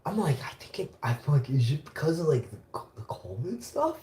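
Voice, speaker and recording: A woman from Winnipeg, telling a story on a casual livestream, animated and swearing, acting out the quotes. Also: low-pitched, a little fast, roomy sound. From Winnipeg, Canada.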